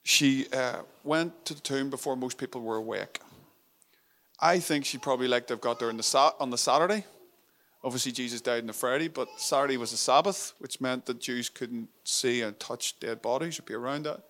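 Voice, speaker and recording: A male preacher delivers a sermon in an earnest, intimate tone at a middling pitch. He repeats phrases for emphasis and sinks into a near-whispered hush on tender lines. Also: a little fast.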